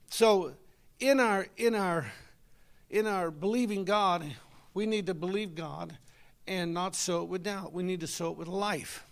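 A man's voice: high voice, a little slow, creaky. A middle-aged man, preaching a folksy, conversational sermon and talking with his congregation.

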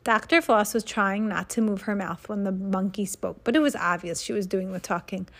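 A woman's voice: medium pitch, normal speed. Woman reading a kids' book aloud. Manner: lively, expressive reading with asides. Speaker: reader.

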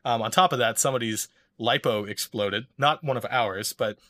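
Man host, casual rambling storyteller, bright tense voice, mid pitch. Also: moderate pace, no room sound. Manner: rambling, many fillers and restarts. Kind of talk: casual chat.

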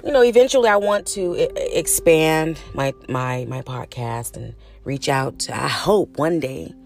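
A woman's voice: deep voice, animated, a little slow, a little mellow, faint music behind. Chatty, cussing middle-aged woman podcaster. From California. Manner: chatty, frank and cussing, calls listeners honey and baby. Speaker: podcast host. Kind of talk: casual solo podcast monologue.

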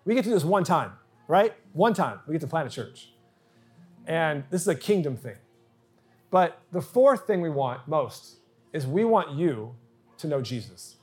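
A man's voice: on the high side, big pitch swings, measured pace, a little mellow, faint music behind. Earnest man pastor preaching. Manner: earnest, acts out quoted dialogue. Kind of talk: sermon storytelling.

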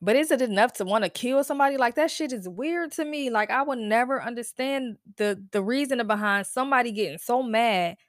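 A woman's voice: on the high side, fairly quick, few pauses, no room sound, clean studio sound. Blunt, profane woman ranting on a podcast. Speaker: podcast host. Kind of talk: casual solo podcast rant.

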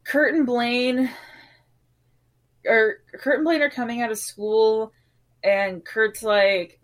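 A woman's voice: medium pitch, unhurried. Chatty young woman recapping with laughs. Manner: chatty, laughs often, acts out characters' lines. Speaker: podcast co-host. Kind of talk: casual recap chat.

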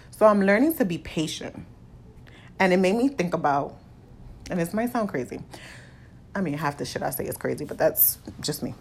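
A woman's voice: on the low side, animated, normal speed, creaky, pauses often, slightly rough. A young adult woman hosting a solo podcast, talking candidly and confessionally with casual swearing. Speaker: podcast host.

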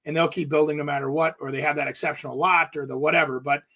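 A man who works as a realtor, telling stories in an animated, jokey way and laughing as he talks. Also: on the high side, fast. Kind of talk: casual storytelling chat.

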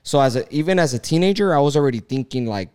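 A man's voice: medium pitch, animated, quick pace, a little mellow, clear, resonant tone. A young man chatting casually on a podcast, swearing and rambling with lots of filler words and restarts. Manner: rambling, profane, many filler likes and restarts. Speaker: podcast co-host. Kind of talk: casual chat.

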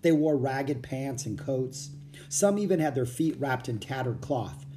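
Storybook narrator, lively pitch, mellow warm tone. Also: a little slow, a little hiss or hum. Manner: expressive, animated reading. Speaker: audiobook reader.

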